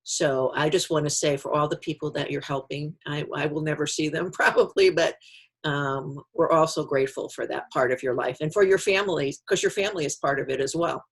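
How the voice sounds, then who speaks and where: A woman interviewing an author, speaking slowly and appreciatively and laughing along. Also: low-pitched, breathy edge. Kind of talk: interview chat.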